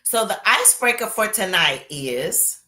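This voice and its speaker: A woman hosts a livestream from her own mic. She chats casually and stretches words out for emphasis, greeting viewers one by one. Her pitch sits mid-range for a woman. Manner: animated, drawn-out emphasis, calls people baby. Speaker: pastor hosting an online Bible study. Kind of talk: casual livestream chat, reading comments.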